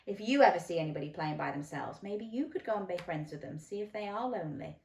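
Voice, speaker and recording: A woman reading a bedtime story to children, animated and coaxing, asking them questions. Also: fairly low pitch, quick pace, creaky, slight background noise. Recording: roomy echo, mic at a distance.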